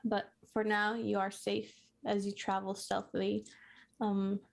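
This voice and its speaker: Unhurried woman game master, halting. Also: medium pitch, level tone, gravelly. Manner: halting, with many filler pauses. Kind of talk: narrating a tabletop game.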